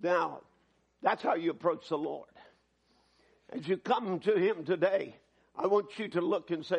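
A man preaching a sermon at a church service, swinging between loud, fervent appeals and hushed, prayerful passages. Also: sits high, measured pace, vocal fry, pauses often, breathy edge.

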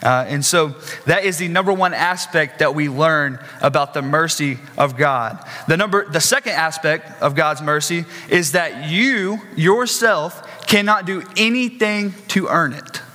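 A man's voice: fairly high pitch, unhurried, hardly any pauses, pushed and bright. A man preaching a sermon in a casual, conversational way, with asides and questions to the congregation. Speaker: pastor. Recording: long hall reverb.

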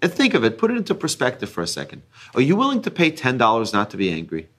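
A man giving an ethics class to a group, earnest and repetitive, his voice rising higher and louder whenever he stresses a point. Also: wildly swooping pitch, fast talker. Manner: earnest, repeats key phrases, rises in pitch and volume when stressing a point. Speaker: religious teacher.

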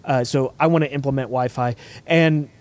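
A man's voice: medium pitch, fairly even intonation, normal speed, a little mellow. A man hosting a podcast, chatting casually about a project he is designing, thinking aloud with frequent restarts. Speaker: podcast host. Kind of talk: casual technical chat.

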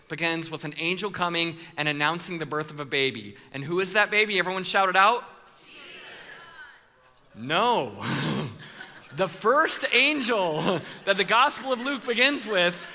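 A man preaching a sermon, telling a story with animated voices for the people in it and calling out to the congregation. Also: high-pitched, normal speed, big-room sound. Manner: playful with the congregation, calls for responses. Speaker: pastor.

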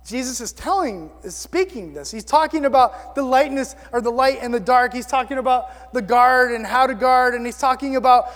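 A man preaching a sermon in an animated, excitable way, full of casual fillers. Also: extremely high pitch, normal speed, few pauses. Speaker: pastor. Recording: long reverb of a hall.

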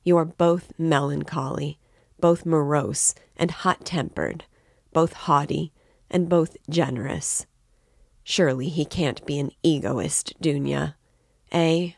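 A woman's voice: sits low, fairly even intonation, takes it slowly, creaky, a little mellow, no echo, studio quality, heavily acted. A woman reading the part of an anxious, talkative middle-aged mother in a novel. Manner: worried, talkative.

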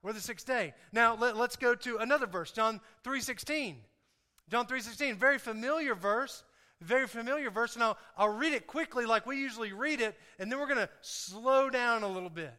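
A preacher with a very high, clear, resonant voice delivers a casual, joking sermon at a fairly quick pace. He's animated, repeats himself often, and keeps asking the congregation questions, all captured in a reverberant hall.

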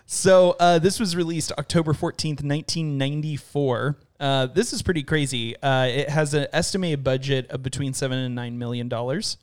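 Man, podcast host, clear crisp voice, casual chat, halting with fillers. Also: on the high side. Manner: hesitant, many uh fillers while reading facts.

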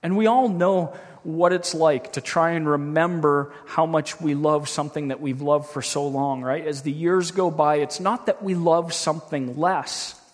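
A man preaching a sermon as a pastor, earnest and reflective, slowing down to read scripture aloud. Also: a little high, steady tone, long reverb tail. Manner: earnest, reflective, slows down when reading scripture.

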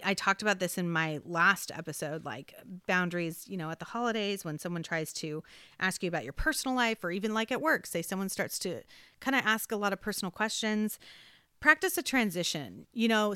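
A woman's voice: mid-range voice, a bit bright, clear, resonant tone, dry recording, studio quality. A woman in her thirties hosting a casual self-help podcast, talking conversationally with many fillers and restarts. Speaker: podcast host.

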